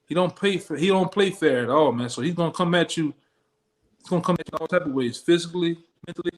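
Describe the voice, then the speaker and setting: A man's voice: a little high, fast. A man preaches in loose street slang with a slightly raised voice. He keeps pressing his listeners with hard, repeated questions. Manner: blunt, slangy, challenging questions. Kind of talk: street-style sermon.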